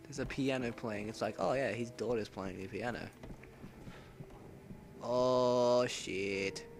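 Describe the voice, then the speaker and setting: A man's voice: mid-range voice, steady tone, slow pace, music in the background. A man commentating a horror game playthrough, jumpy and panicky, swearing and exclaiming often. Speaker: gameplay commentator. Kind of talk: let's play commentary.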